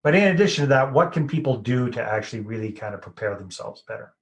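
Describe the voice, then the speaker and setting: A man's voice: mid-range voice, animated, quick pace, low-quality recording. A middle-aged man hosting a podcast, casually rephrasing and summing up his guest's points. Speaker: podcast host. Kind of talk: podcast interview.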